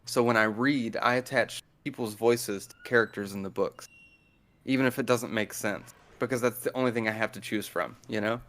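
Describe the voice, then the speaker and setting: A deaf man in his thirties or older, a guest on a study stream, patiently explains things in casual conversation and chuckles as he talks. His mid-range voice is fairly bright, with fairly even intonation and normal speed.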